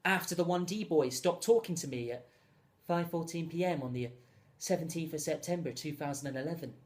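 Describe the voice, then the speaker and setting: A young man delivering a deadpan, rambling comedic monologue as a self-absorbed character. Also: on the high side, brisk.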